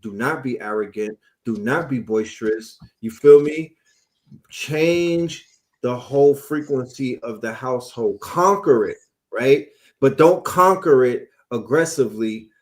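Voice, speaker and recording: Man, average pitch, forceful streetwise panelist with a preachy delivery. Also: measured pace. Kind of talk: panel discussion.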